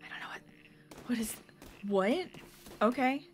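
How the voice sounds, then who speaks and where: A woman streaming a video game, chatting excitedly and reacting aloud to her viewers. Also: fairly high pitch, unhurried, slight background noise. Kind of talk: casual gameplay commentary.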